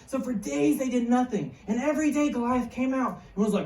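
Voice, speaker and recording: A woman's voice: on the high side, expressive, brisk, hardly any pauses, darkish tone. A woman giving a casual, joking sermon to young people in a church hall. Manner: jokey, chatty, slangy. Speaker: youth speaker. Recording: roomy hall, mic far off.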